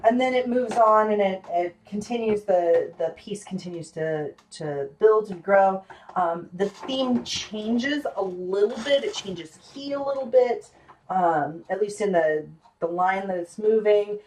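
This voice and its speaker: A woman's voice: mid-range voice, unhurried, darkish tone, far from the mic, a little hiss or hum, low-quality recording. A woman giving a casual music lesson, chatty and full of ums and restarts, with playful asides and piano playing between her words. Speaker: music teacher.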